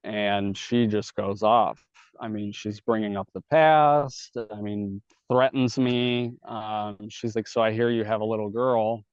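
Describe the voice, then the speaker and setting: A man's voice: on the low side, fairly even intonation, unhurried, smooth, no echo. A man telling candid stories in a casual, profane way, acting out each side of the conversations. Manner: casual, swears a lot, acts out dialogue. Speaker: podcast guest telling his story. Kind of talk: candid storytelling. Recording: dull dry podcast audio.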